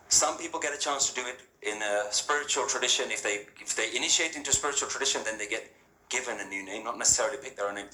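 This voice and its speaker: A man with a sharp-toned, mid-range voice gives an interactive spiritual talk to a hall audience. He's conversational and rhetorical, asking listeners questions and often checking in with "yeah?" and "right?". The hall sounds echoey with faint ambience, plus a little hiss or hum.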